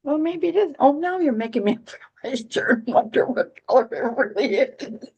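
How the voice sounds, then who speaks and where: A woman's voice: sits high, expressive, measured pace, slightly rough, lo-fi sound. A woman hosting a casual astrology chat, rambling with many restarts and dry, giggly humor. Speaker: astrology podcast host.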